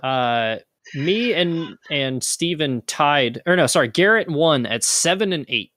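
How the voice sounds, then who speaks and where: A man's voice: a little high, animated, measured pace, fairly bright tone, no room sound, clean studio sound. A young man hosting a casual sports podcast, joking around and laughing often. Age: young adult. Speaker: podcast host. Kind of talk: casual chat.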